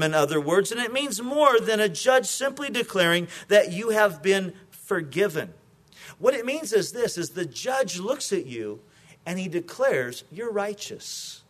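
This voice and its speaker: Male pastor, sermon delivery, high voice with an animated, joking manner.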